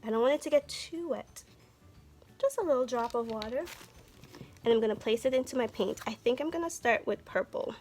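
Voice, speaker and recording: Gentle encouraging woman art instructor. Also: fairly high pitch, lively intonation, a little fast, soft background music. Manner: gentle, encouraging, talks to viewers directly. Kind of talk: children's art lesson.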